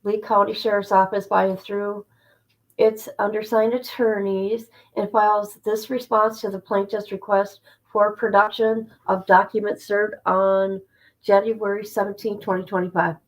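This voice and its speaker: A woman's voice: mid-range voice, level tone, normal speed, low-quality recording. A woman hosting a casual livestream, greeting her chat and reading legal documents aloud with offhand asides. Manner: chatty, reads legal text aloud with asides. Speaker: livestream host.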